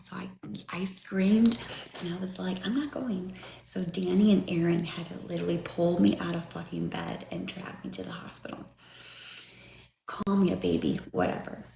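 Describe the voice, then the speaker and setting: A middle-aged woman livestreaming, chatting and rambling as she tells a personal story, swearing freely and often dropping to a breathy near-whisper. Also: fairly low pitch, a little mellow. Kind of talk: casual storytelling to viewers. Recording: echoey room with faint noise.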